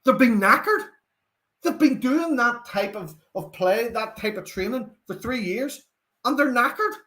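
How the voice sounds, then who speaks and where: A man's voice: extremely high pitch, expressive, measured pace, pushed and bright. A young man with a Northern Irish accent, hosting a live football watchalong, chatting animatedly and reading out viewer comments. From Northern Ireland. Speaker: fan channel host.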